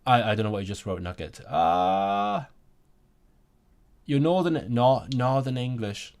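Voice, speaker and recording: This young streamer's voice is lowish and somewhat dark. Hosting a casual language-learning session, he responds to chat, frequently starts his sentences over, and stumbles through Turkish and Welsh phrases.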